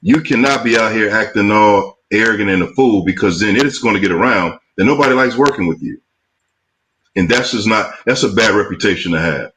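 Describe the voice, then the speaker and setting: Blunt, low-voiced male producer. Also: fairly bright tone, poor audio. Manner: blunt, emphatic, drawn-out asides. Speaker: film producer and host. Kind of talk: casual chat.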